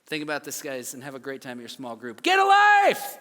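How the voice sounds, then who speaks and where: Thirties male youth pastor, animated storyteller, long reverb. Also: medium pitch, fast talker, a faint crowd. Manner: animated storytelling, acts out quoted lines. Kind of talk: youth sermon.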